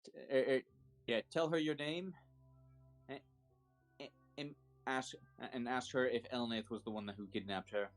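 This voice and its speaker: A man's voice: medium pitch, fairly even intonation, normal speed, pauses often, faint music behind. A man playing a tabletop game, talking casually and stammering through many false starts. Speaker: player.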